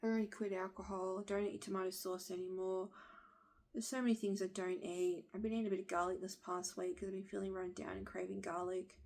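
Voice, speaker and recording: A woman in her thirties with a husky voice, bluntly venting her frustration to the camera and swearing along the way. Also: medium pitch, flat delivery, fast talker, a little mellow. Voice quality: husky smoker-like voice. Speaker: vlogger.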